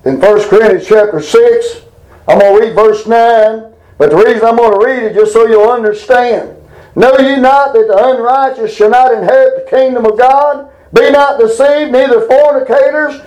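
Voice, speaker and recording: A man preaching a plain-spoken Bible lesson. His voice sits very high for a man, and it climbs even higher when he reads verses with emphasis. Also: normal speed, poor audio. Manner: folksy, emphatic, reads scripture aloud with rising pitch. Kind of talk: informal Bible teaching.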